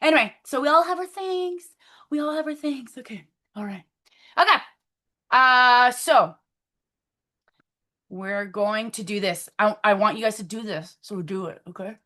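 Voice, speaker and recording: Woman team leader, high-pitched, energetic motivational coaching on a video call. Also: unhurried, long pauses. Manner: upbeat, coaching, breaks into excited affirmations.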